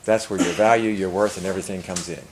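Older guy preaching, really low voice, gets loud and earnest telling his story, faint room hum behind. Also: fairly even intonation, fast. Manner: earnest, builds to loud emphasis. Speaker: pastor. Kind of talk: sermon storytelling.

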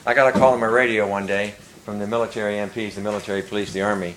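An older man delivers a sermon in a very low voice, earnest and given to loud swells of emphasis. A faint background hum sits behind him. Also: steady tone, rapid-fire, low-quality recording. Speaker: pastor. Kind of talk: sermon storytelling.

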